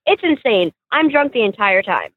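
A woman calling in by phone from a car, chatting in a brash, loud, bubbly way. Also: fairly high pitch, sing-song, normal speed, slightly rough, dry recording. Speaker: guest. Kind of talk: casual chat. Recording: tinny phone line.

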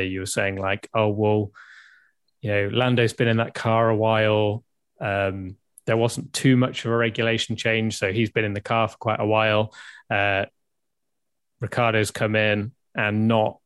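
A man's voice: lowish voice, a bit bright, smooth, no room sound. A man co-hosting a podcast by video call, chatting casually with hesitant restarts. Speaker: podcast co-host. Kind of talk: casual chat.

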